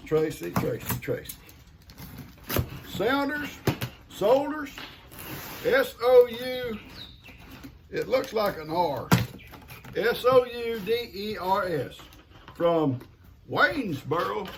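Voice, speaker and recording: A man's voice: sits high, sing-song, slow, long pauses. An older man, chatting casually and folksily to camera while opening gifts and talking to his pets. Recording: noisy home recording.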